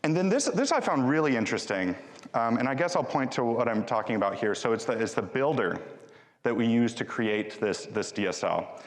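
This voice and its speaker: In a large conference hall with long reverb, a man gives a live talk alongside a demo. His medium-pitched voice is expressive and brisk, and he chats and jokes, often restarting his sentences.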